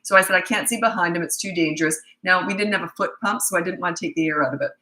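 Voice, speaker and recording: A middle-aged woman coaching parents, telling a story in a direct, no-nonsense, animated way. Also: lowish voice, very fast, reverberant, low-quality recording. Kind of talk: casual storytelling advice.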